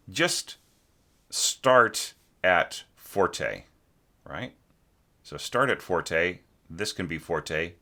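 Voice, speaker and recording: A man's voice: low voice, bright, forceful tone. A man teaching orchestration, critiquing a student's score in a rambling, conversational way, often asking "right?" and sometimes singing a phrase to show it. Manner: sings short phrases to show a melody.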